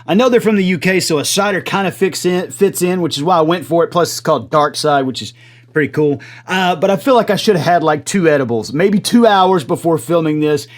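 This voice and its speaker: Animated, higher-voiced man reacting to music. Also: a little fast. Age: 40s. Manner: animated, excitable, casually swearing. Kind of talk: casual reaction commentary.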